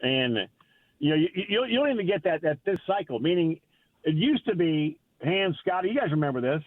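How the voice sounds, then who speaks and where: A man's voice: fairly high pitch, sing-song, brisk, no echo. A man, a college football reporter calling into a sports radio show, talking in an emphatic, folksy way and often repeating words as he goes. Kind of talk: casual sports radio chat. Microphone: phone line. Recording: phone-line call-in audio.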